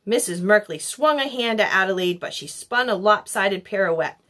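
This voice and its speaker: A woman narrating a children's novel in an expressive storybook style. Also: medium pitch, moderate pace. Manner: expressive, animated. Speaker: audiobook reader.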